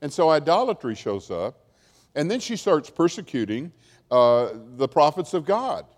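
A man's voice: a little high, sing-song, moderate pace. A man teaching a Bible class, telling the story in a chatty, wry way with asides. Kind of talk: informal lecture storytelling. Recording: long hall reverb.

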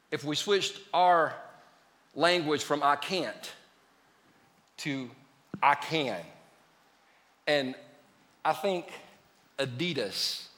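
A man preaching a lively sermon as a pastor, joking with his congregation. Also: a little high, long reverb tail. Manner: lively, joking with the congregation, calls them "y'all". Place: church sanctuary.

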